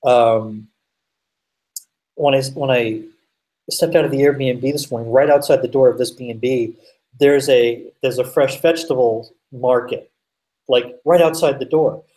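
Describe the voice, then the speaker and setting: A man's voice: mid-range voice, fairly even intonation, measured pace, a little mellow, recorded from a distance, rough recording. A man telling a story as a guest in a rambling, chatty way with lots of fillers, over a remote call. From United States.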